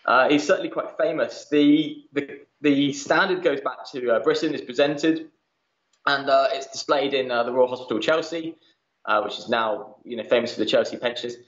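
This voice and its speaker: A man, a museum manager, talking as a guest on a history podcast in a chatty way, often pausing on "uh". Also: mid-range voice, a bit bright, roomy sound, highs cut off. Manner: chatty, lots of "uh" fillers. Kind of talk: casual interview chat.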